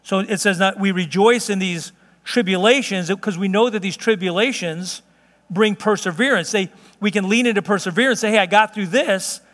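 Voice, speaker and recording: A middle-aged man with a notably high voice delivers a sermon, talking plainly and telling stories as he goes. His voice carries a long reverb, as if he is in a big church hall. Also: normal speed, a bit bright. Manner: conversational, storytelling with laughs. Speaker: pastor.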